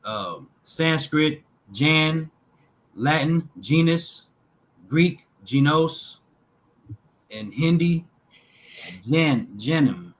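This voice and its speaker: A man slowly reading lists of words aloud from a text, pausing between each item in a measured way. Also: a little high, animated, poor audio. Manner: slow, measured reading with pauses between list items. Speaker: talk show host reading linguistic examples.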